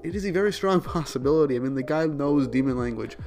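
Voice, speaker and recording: A man's voice: fairly high pitch, fast, a little mellow, faint music behind. A man casually recapping and commenting on a manga chapter. He fills his talk with "like" and laughs often. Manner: chatty, many "like" fillers, laughs often. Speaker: manga reviewer.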